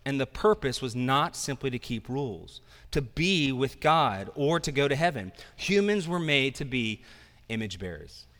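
A man's voice: medium pitch, big pitch swings, normal speed, a bit bright, in a large hall. A man preaching a sermon as pastor, talking in a conversational way with self-deprecating asides.

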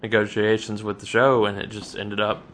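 Man, podcast co-host, casual rant, fumbling restarts, low voice, faint background hum. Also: moderate pace. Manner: animated, restarts often, rants with rising pitch. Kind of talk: casual chat.

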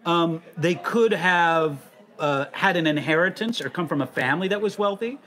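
A man's voice: on the high side, moderate pace, fairly bright tone. A man hosting a casual faith conversation, reading listener questions aloud in a teasing, inquisitive way.

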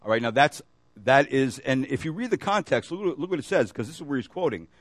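A man's voice: mid-range voice, very animated, brisk, dry recording. A man preaching a sermon as pastor, reading scripture aloud and asking the congregation questions as he goes. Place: church.

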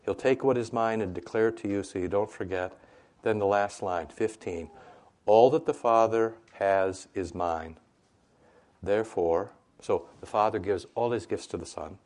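A man's voice: fairly low pitch, moderate pace, darkish tone. A man preaching a conversational sermon, tagging "right?" onto his points and making joking asides to the congregation. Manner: conversational, frequent "right?" tags. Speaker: pastor.

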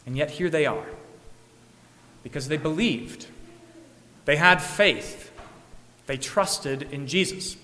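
Male pastor, earnest sermon delivery, bright tone, big reverberant church. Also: takes it slowly, pauses often. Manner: earnest, with rising emphatic peaks and soft low endings.

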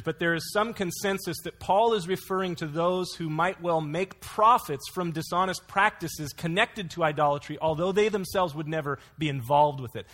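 A man's voice: on the high side, fairly bright tone. A man preaching an earnest expository sermon, mixing scripture with anecdotes.

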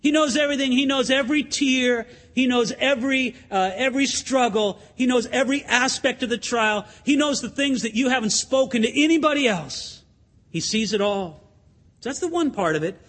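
A man's voice: extremely high pitch, normal speed, a bit bright. A pastor preaching a sermon in an earnest, emphatic way, addressing his listeners as friends in a church sanctuary. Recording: long hall reverb.

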